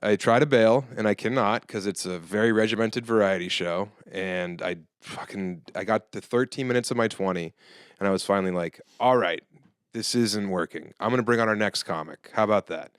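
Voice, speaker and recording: Animated storytelling man, smooth low voice. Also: a little fast, no echo, clean studio sound. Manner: animated storyteller, acts out the people he quotes in high or low voices. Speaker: stand-up comedian guest. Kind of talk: casual podcast chat, storytelling.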